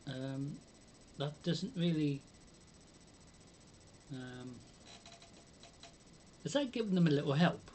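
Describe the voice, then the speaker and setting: A man's voice: fairly high pitch, animated, slow, long pauses, darkish tone, a little hiss or hum. A British man commentating his own game on a live stream, musing aloud with many hums and ums.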